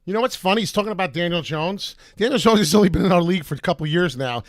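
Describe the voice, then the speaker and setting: A man hosting a vlog, ranting loudly and profanely from a car in a parking lot. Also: high voice, animated, very fast, dry recording. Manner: loud, profane, fired-up ranting. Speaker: crypto video host.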